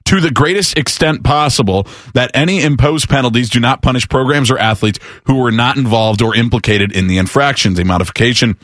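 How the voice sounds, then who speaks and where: A man's voice: mid-range voice, fairly bright tone, no echo. Wry man reading sports news in a dry room. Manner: wry, reads news items then riffs on them. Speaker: sports talk co-host. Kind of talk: casual sports talk.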